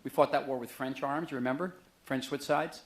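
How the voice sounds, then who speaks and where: A middle-aged man giving a book talk to a live audience in a museum auditorium, chatty and joking, telling stories with lively emphasis. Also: mid-range voice, fairly quick. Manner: conversational, joking, animated storytelling. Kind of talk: public lecture to an audience.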